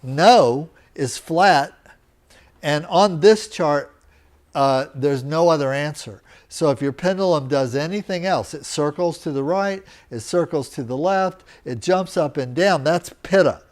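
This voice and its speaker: In a teaching center room, a man with a somewhat high, darkish voice delivers a live lecture. He takes it slowly and deliberately, breaking ideas into steps and often asking whether his students understand.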